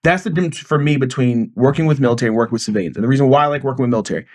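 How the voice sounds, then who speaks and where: A man's voice: mid-range voice, very fast, darkish tone. A man hosting a podcast, talking in a profane, emphatic way and acting out quoted lines as he tells a story. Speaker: podcast host. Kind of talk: casual podcast chat.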